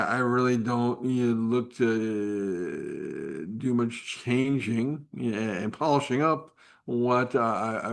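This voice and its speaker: Slow-talking man giving an unpolished live talk. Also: mid-range voice. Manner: slow, unpolished, with many restarts and fillers; drops to a whisper at times. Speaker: host. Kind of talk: live faith-based talk.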